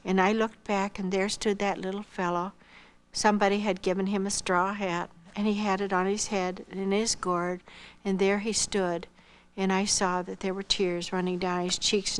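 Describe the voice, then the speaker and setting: An older woman giving a personal missionary testimony, earnestly telling her story and acting out remembered dialogue, dropping to a hush at tender moments. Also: mid-range voice, level tone, moderate pace, clean tone.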